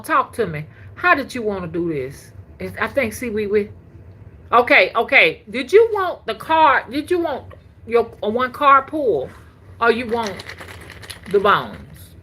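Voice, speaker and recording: A woman's voice: fairly high pitch, measured pace, slightly rough. A woman, hosting a casual livestream as a spiritual reader and chatting with viewers. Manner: chatty, laughs often, slangy and animated.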